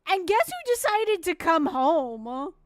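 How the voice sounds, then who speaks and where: A woman streamer chatting casually with viewers, rambling and restarting her sentences, and softening into baby talk with her pet. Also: very high-pitched, big pitch swings, slow, no echo, clean studio sound.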